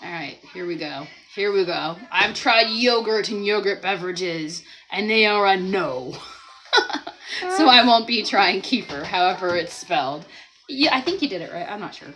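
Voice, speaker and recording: A woman's voice: mid-range voice, expressive, moderate pace, poor audio. Chatty woman hosting a home livestream. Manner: chatty, laughs often, reads viewer comments aloud; gentle motherly talk to a small child. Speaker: livestream host. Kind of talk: casual livestream chat.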